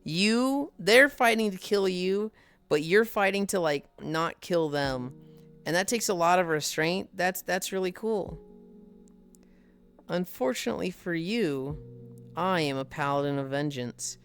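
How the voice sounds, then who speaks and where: A woman voicing a calm, smug male paladin of vengeance, speaking mildly and matter-of-factly. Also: fairly low pitch, measured pace, soft background music.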